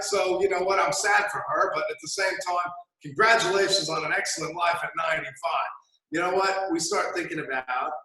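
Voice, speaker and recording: A man giving an energetic motivational talk, emphatic and often checking in with "right?". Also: sits high, distant mic. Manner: emphatic, repeats "right?" often, acts out imagined listeners. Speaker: motivational speaker. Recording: echoey room, speaker away from mic.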